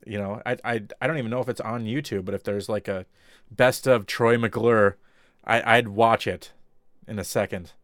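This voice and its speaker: A man's voice: lowish voice, steady tone, moderate pace, no echo, studio quality. A man co-hosting a podcast, rambling in casual chat with many fillers and restarts. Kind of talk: casual chat about TV shows.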